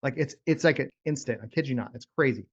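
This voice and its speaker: A man's voice: mid-range voice, fast talker, slightly rough, muffled recording. A man coaching real estate investors in casual, rambling talk, repeating words as he goes. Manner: rambling, repeats words, drops to whispers to demonstrate. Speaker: real estate trainer leading a call.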